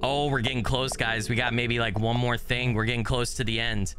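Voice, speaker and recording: A man's voice: medium pitch, little pitch movement, fairly quick. A man doing horror game commentary, talking to himself, swearing and panicking, sometimes whispering while he hides, on a desk mic. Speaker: gaming YouTuber. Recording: game music playing behind.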